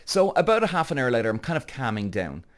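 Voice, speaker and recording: A man's voice: mid-range voice, quick pace. Irish male podcast host, casual storyteller, voice swoops up and down, exasperated. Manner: animated, exasperated retelling.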